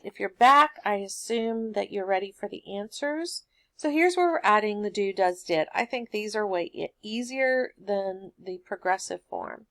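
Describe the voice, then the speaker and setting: A woman teacher giving a recorded grammar lesson, explaining answers in a patient, steady way. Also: mid-range voice.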